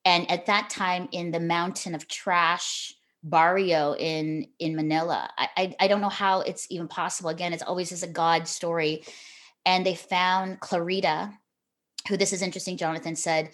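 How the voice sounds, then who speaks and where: Low-voiced woman telling her story. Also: fairly even intonation, moderate pace, a bit bright. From Canada. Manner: earnest, heartfelt, frequent "you know" and restarts. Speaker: guest, television host. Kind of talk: emotional personal storytelling.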